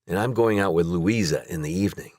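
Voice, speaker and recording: A man voicing a relaxed, teasing brother character in a romance audiobook. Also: deep voice, fast, no room sound, clean studio sound. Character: man, her easygoing older brother.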